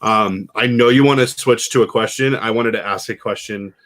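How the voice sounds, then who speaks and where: A man's voice: lowish voice, normal speed, fairly bright tone. A man co-hosting a casual panel chat, rambling and full of "you know" and "like".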